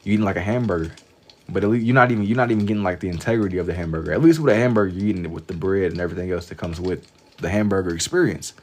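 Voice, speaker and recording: Very fast and a little mellow, his low voice carries a drowsy, wandering chat while he draws live for viewers. He drawls, leans on slang, and keeps repeating himself.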